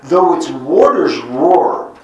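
A middle-aged man delivers a Bible teaching sermon at an unhurried, measured pace, leaning hard on single words one after another. His voice sits in a very reverberant room, picked up from some distance away from the mic. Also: on the high side, big pitch swings, dull audio. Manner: deliberate, lingers on single emphatic words. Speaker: preacher.

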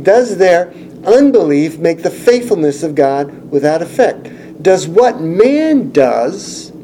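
A man's voice: on the high side, warm tone, slight background noise, low-quality recording. Earnest man teaching scripture. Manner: earnest and explanatory, with emphatic rises on quoted scripture. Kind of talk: sermon, Bible teaching.

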